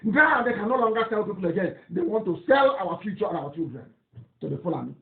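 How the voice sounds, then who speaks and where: A man's voice: sits high, sing-song, fast talker, vocal fry. A man with a Nigerian accent giving an impassioned broadcast, fiery and scornful, repeating himself and laughing derisively. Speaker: political activist broadcaster. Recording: tinny phone-like line.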